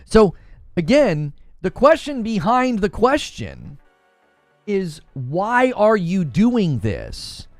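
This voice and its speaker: A man hosting a live gaming-news stream, talking emphatically, often stumbling and repeating himself, and reading chat questions aloud. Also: high voice. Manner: emphatic, repetitive, stumbles over words.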